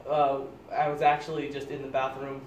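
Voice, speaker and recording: A young man improvising an absurd story out loud, deadpan and halting, often cracking up at his own lines. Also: medium pitch, muffled recording, a crowd in the background. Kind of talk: rambling improvised comic story. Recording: echoey room, distant mic, loud noise.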